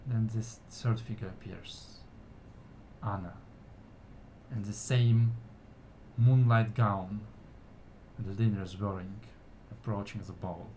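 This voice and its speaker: A man narrating a fantasy ritual scene for a story game in a soft-spoken, deliberate way. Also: on the low side, steady tone, a little hiss or hum. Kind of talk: slow descriptive fantasy narration.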